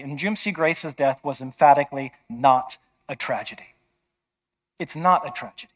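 A man's voice: fairly high pitch, steady tone, moderate pace. A man preaching a sermon in an emphatic, conversational way, often checking with listeners.

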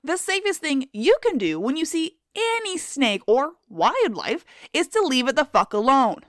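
A woman hosting a scripted, comedic wildlife lesson, theatrical and profane, who spells words out loud. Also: high voice, big pitch swings, normal speed, dry recording, clean studio sound. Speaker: science video host.

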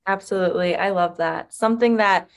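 A woman's voice: mid-range voice, brisk. A woman hosting a podcast, affirming her guest and asking long, careful questions. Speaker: podcast host. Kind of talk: podcast interview.

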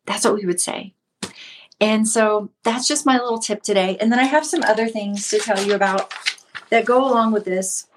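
A woman's voice: mid-range voice, moderate pace, background noise. A middle-aged woman hosting a casual Christian livestream, teaching in a conversational way and greeting viewers by name. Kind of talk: casual devotional talk.

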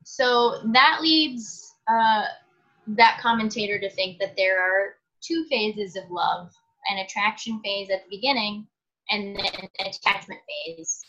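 A woman's voice: mid-range voice, a little slow, sharp tone, highs cut off. A woman co-hosting a podcast, chatting casually and laughing often, with lots of fillers. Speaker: podcast co-host.

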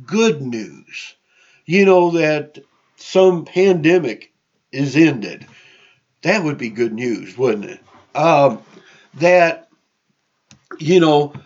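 A man preaching a sermon slowly and emphatically, repeating phrases for stress, with frequent "you know" fillers. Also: on the high side, highs cut off.

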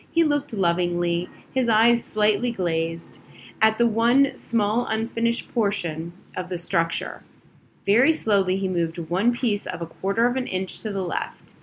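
Woman reading an audiobook, steady and measured, middle-pitched voice, faint noise behind. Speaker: audiobook narrator. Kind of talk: audiobook narration.

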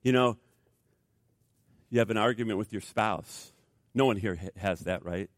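A man preaching a sermon as pastor, animated, acting out inner voices for his congregation. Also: lowish voice, normal speed, no echo. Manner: animated, acts out voices of flesh and Spirit.

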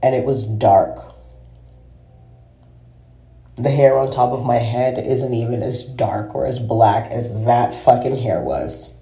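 A woman's voice: a bass voice, slow, long pauses, dark tone. Profane, exasperated woman venting in a roomy echo. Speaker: vlogger. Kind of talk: casual venting monologue.

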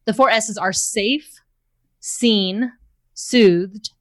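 A woman's voice: mid-range voice, drawn-out words, no echo. A woman guest on a podcast, a parenting expert talking through examples and stories in a conversational way. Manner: explains with examples, acts out quoted lines.

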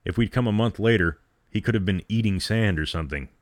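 A man's voice: fairly low pitch, fast talker, dry recording, studio quality, natural voice. A man voicing an impatient crewman with a sarcastic way of talking.

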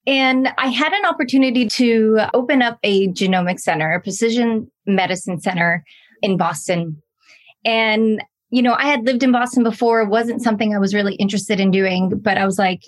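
A woman in her forties, a podcast guest, telling her own story in a lively, chatty way and acting out the dialogue she quotes. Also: on the high side, moderate pace. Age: 40s. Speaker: guest, pathologist assistant and wellness coach. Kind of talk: personal storytelling in an interview.

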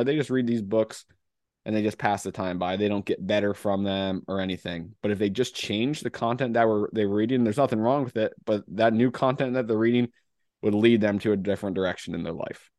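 A man with a lowish voice chatting casually on a podcast, recorded dry with no room sound. He is easygoing, laughs often and says "like" a lot. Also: no room sound. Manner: relaxed, laughs often, many "like" fillers. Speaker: podcast co-host.

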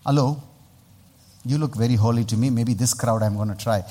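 A man's voice: mid-range voice, fairly quick. A man preaching a sermon as pastor, asking the congregation questions and having them repeat after him. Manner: lively, call-and-response preaching with rhetorical questions.

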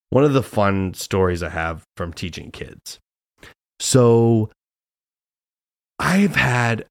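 A man's voice: sits low, dry recording, clean studio sound. A young man hosting a solo podcast, telling a story in a rambling, casual way, swearing freely and laughing often. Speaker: podcast host.

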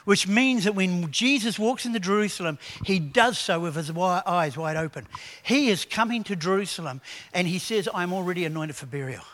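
A man preaching a sermon, animated and conversational, telling stories to his congregation. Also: sits high, normal speed. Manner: animated preaching with acted quotes; conversational storytelling. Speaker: pastor.

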